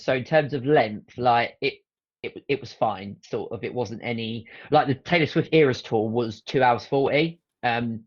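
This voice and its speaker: A man's voice: mid-range voice, muffled recording. A man, hosting a podcast and chatting casually, telling stories with laughs and the odd swear word. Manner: animated, laughing storyteller who swears casually. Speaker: podcast host. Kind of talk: casual chat.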